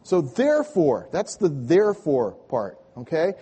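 A man preaching in a church, his voice pitched slightly high yet dark in tone. He often repeats a word as he restarts a phrase. He calls on the congregation to say lines back to him. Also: expressive, unhurried, husky. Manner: repeats words when restarting, asks the congregation to respond. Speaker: pastor. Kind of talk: sermon.

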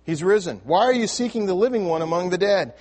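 A man preaching from the pulpit with a fairly high voice for a man. He tells a story in a loose, unscripted way, often restarting and repeating words. His delivery swings between loud, lifted emphasis and soft, hushed endings. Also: animated, fast. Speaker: pastor. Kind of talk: sermon. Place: church sanctuary with congregation.

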